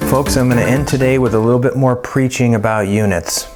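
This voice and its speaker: A man's voice: medium pitch, steady tone, fairly quick, over music. Folksy, rambling man teaching chemistry. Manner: folksy, rambling, jokey asides. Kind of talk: casual lecture.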